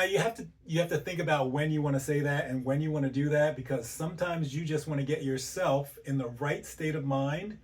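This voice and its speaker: A man's voice: fairly high pitch, far from the mic. A man giving relationship advice as a coach, speaking directly to the listener and repeating his points with rhetorical questions. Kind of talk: motivational advice talk.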